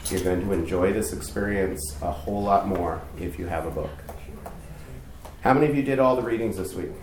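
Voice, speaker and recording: A man's voice: low-pitched, a little fast, a little mellow, slight background noise. A man giving a candid, chatty storytelling sermon as youth pastor, poking fun at himself. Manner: candid, self-mocking, chatty. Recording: echoey room, distant mic.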